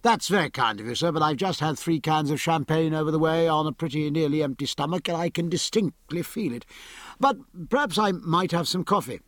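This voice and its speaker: A man's voice: on the high side, fairly quick, no room sound, clean studio sound, natural voice. Man reading as an earnest, courteous naval son.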